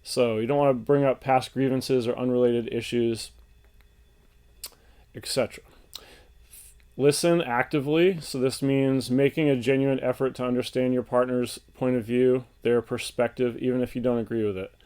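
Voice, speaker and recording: A man presenting relationship advice in an earnest, loosely unscripted way, pausing with fillers and restarting phrases as he thinks aloud. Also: mid-range voice, fairly even intonation, mellow, clean tone.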